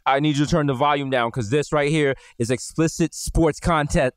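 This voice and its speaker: A man's voice: on the high side, moderate pace, smooth, no echo, clean studio sound. A man from the Bronx with a New York accent, co-hosting a podcast from home in loose, slangy, joking chat. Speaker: podcast co-host. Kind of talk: casual comedic chat.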